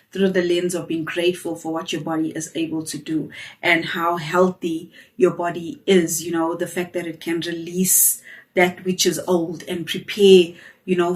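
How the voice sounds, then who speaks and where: A woman chats candidly to her viewers. She talks in a lowish voice, full of restarts and fillers. She sits a bit back from the mic. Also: level tone, normal speed, far from the mic. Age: 40s. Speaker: vlogger. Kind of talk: casual chat to camera.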